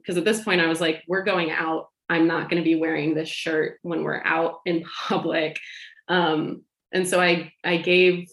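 A woman with a slightly low voice tells a rambling story, animated, laughing and acting out the lines of the people in it. Her voice rings in a roomy space. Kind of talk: casual storytelling chat. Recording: roomy echo.

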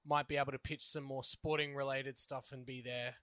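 Man, podcast guest, bright forceful voice, repeats words. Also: medium pitch, little pitch movement, brisk, clean tone, dry recording. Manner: laughs often, repeats words. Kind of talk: casual chat.

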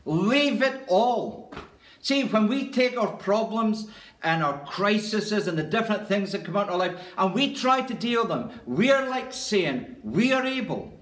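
A high-pitched man with a fairly bright tone preaches as pastor inside a church, the room's echo audible on the recording. Earnest and emphatic, he repeats key phrases for weight.

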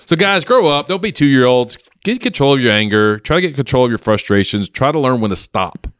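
A man co-hosting a podcast, relaxed and anecdotal, telling a story and acting out what people said. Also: medium pitch, brisk, clean tone, no echo, clean studio sound. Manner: relaxed, anecdotal, acts out quotes. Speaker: podcast co-host. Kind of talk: casual storytelling.

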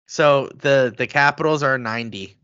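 A man co-hosting a casual sports podcast, excitable and quick to get heated as he rants. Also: mid-range voice, smooth, no room sound, dull audio. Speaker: podcast co-host.

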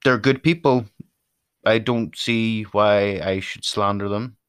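Chatty Irish man with a low voice. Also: takes it slowly, clear, resonant tone, no room sound, clean studio sound. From Ireland. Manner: chatty, self-deprecating, rambling with restarts. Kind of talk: casual opinion monologue.

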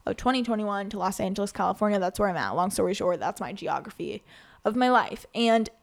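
Hosting a casual solo podcast, a woman in her twenties from the USA speaks a little fast in a creaky, medium-pitched voice. She sounds earnest and chatty, with many restarts and frequent "like."

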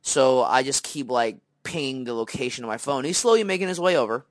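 A young man tells a story on a podcast with casual energy, putting on the voices of the people in it and filling the gaps with lots of "like" and "you know." His voice sits at a middle pitch and is recorded close and dry. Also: a little fast, dry recording. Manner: animated storyteller, acts out quoted dialogue, many fillers. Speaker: podcast co-host.

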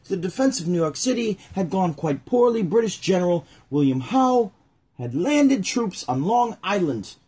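Husky joking male podcast host. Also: high-pitched, a little mellow. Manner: joking, rambling asides and puns. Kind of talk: casual comedic history chat.

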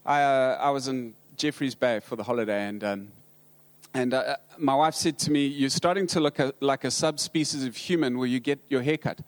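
A South African man with a mid-range voice preaches a sermon full of amusing stories. He falters, restarts many times, and keeps his humor deadpan.

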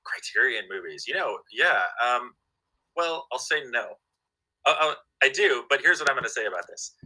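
Man, husky voice, very bright tone, lower pitch, enthusiastic casual storyteller. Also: expressive, normal speed, poor audio. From Southern California. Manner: enthusiastic storyteller, many fillers and restarts. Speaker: guest. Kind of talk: casual chat.

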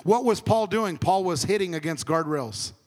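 A man preaching a conversational sermon as pastor, swinging between emphatic and hushed. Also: sits high, animated, normal speed, big-room sound.

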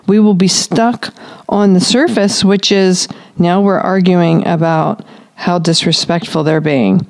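A woman working as a parenting coach, giving calm, explanatory advice to parents. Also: medium pitch.

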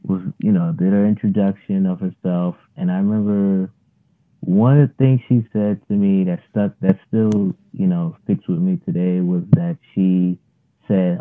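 A man in his thirties, a yoga practitioner appearing as an interview guest, tells a story in a laid-back, rambling way packed with fillers. His voice is low and flat at a measured pace, heard over a narrow, phone-like line.

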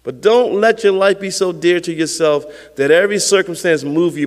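An older man, a pastor, preaching a sermon with emphatic swells that sink to hushed, close tones, chuckling now and then. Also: high-pitched, moderate pace, few pauses. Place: church sanctuary. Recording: long reverb of a church hall.

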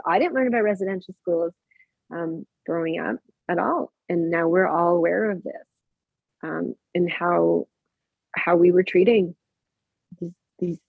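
Husky woman over a tinny line. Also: fairly low pitch, no echo. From Mexican heritage, living in Canada. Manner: rambling, many fillers and restarts, animated quoting. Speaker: guest sharing personal spiritual experiences. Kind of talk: casual conversational storytelling. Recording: dry, tinny phone-like sound.

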